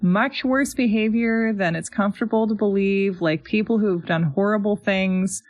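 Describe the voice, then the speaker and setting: A woman's voice: medium pitch, moderate pace, no echo. A woman hosting a podcast, chatting casually and reacting with quips. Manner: animated, quippy reactions. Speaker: podcast host. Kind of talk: casual chat.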